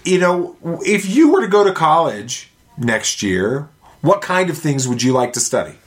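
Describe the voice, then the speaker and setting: A man's voice: a little high, sing-song, normal speed. A middle-aged man hosting a casual family podcast, easygoing and rambling with fillers and restarts. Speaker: podcast host.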